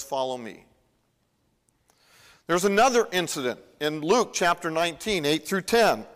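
Within the long reverb of a large hall, a pastor gives a conversational sermon, acting out the Bible dialogue as he retells it. His pitch is fairly high and his tone fairly bright.

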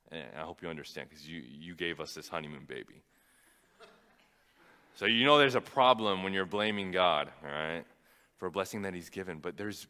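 A young man preaching a sermon, telling a personal story in an animated, fast-rising way when excited. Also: low-pitched. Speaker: pastor. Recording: long hall reverb.

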